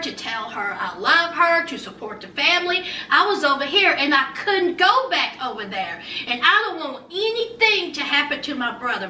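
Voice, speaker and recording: A woman hosting a casual reality TV recap, telling the story in a sassy, animated way and talking straight to her viewers. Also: high-pitched. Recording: roomy, distant mic with faint background noise.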